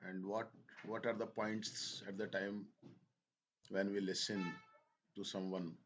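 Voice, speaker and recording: A male teacher with a lowish voice speaks to his class. He talks slowly, halts and repeats phrases as he explains. He slips into now and then. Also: flat delivery, soft background music. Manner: slow, halting, repeats phrases, switches into Hindi. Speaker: English teacher. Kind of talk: slow spoken lesson.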